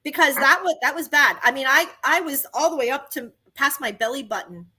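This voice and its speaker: A woman's voice: high voice, brisk, sharp tone. A woman telling her own story in casual chat, emphatic and exclaiming at times.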